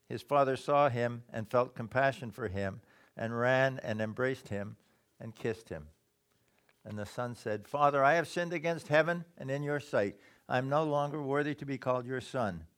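A man preaching a sermon, reading scripture aloud and explaining it, swinging between loud emphasis and quiet low asides. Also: normal speed, clear, resonant tone.

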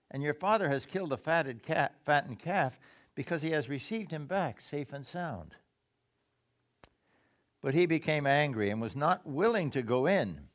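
Animated man preaching a sermon. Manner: lively, shifts between loud emphasis and soft low asides. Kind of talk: sermon reading and explaining scripture.

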